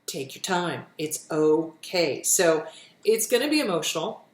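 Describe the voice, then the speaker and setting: A middle-aged woman giving self-help advice in a casual, gentle, reassuring way, often repeating her phrases and answering questions frankly. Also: on the low side, animated, a little slow. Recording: roomy echo.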